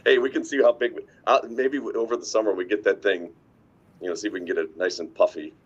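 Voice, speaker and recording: A man's voice: on the low side, fairly even intonation, fast, breathy edge, muffled recording. A man co-hosting a casual sports talk show, an easygoing coach who rambles and laughs often. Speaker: coach and podcast co-host.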